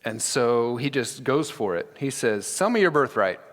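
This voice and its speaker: Male pastor, animated sermon delivery acting out scenes, recorded in a church with long reverb. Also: mid-range voice, unhurried, few pauses. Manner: animated, acts out scripture with dramatic voices. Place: church sanctuary.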